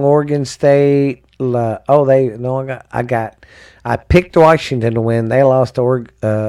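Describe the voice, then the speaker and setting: A man's voice: medium pitch, darkish tone. A man hosting a casual sports podcast, rambling and swearing as he reads scores and rankings. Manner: rambling, profane, drawling, reads lists with fillers. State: dry mouth. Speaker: podcast host.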